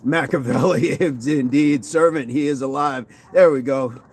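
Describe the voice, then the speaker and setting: A man's voice: medium pitch, normal speed, a little mellow. A man hosting a daily fitness livestream, casually chatting, joking and greeting viewers by name as he reads their comments.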